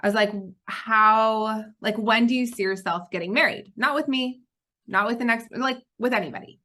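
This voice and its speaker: A woman's voice: fairly high pitch, moderate pace. A woman in her thirties hosting a casual business chat, telling personal stories with frequent laughter. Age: 30s. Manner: lively storyteller, laughs often. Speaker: podcast host.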